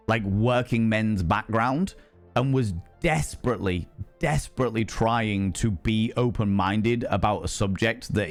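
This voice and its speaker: A young man streaming, casually telling a rowdy night-out story, swearing freely and acting out quoted voices. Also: on the low side.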